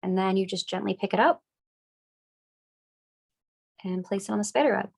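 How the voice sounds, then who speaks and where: A young woman getting over a cold, teaching a relaxed, chatty, upbeat step-by-step decorating class. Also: medium pitch, moderate pace, gravelly. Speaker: craft class instructor. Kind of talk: casual step-by-step demonstration.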